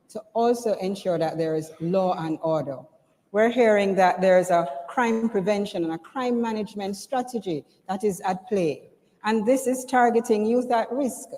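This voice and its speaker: Woman moderator at a podium; mellow, lowish voice with long hall reverb. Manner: rhetorical, measured. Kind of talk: conference moderating and speech. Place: conference hall.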